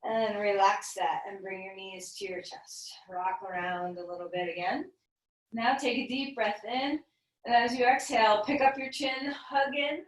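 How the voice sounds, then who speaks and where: A woman leading a guided yoga class, giving calm, gentle, encouraging cues. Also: mid-range voice, measured pace. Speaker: yoga teacher. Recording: echoey room, voice from a distance.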